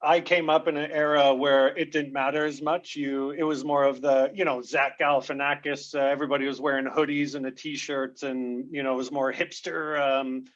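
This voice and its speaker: A man, a guest comedian, telling stories in a lively podcast interview and laughing often. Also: medium pitch, moderate pace, few pauses. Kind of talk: animated storytelling in a podcast interview. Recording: dull lo-fi sound.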